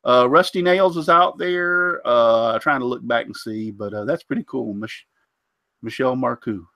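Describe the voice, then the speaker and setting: A man's voice: medium pitch, measured pace, pushed and bright, no room sound. A man, congested from a cold, hosting a casual woodworking live stream with a rambling manner, lots of fillers and tripping over names. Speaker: host of a woodworking live show.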